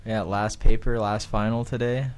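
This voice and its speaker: A man's voice: on the low side, moderate pace. A young man, just out of university, co-hosting a sports podcast with dry, sarcastic humor on a mic without a pop filter. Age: young adult. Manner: deadpan, sarcastic. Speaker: podcast co-host. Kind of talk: casual banter.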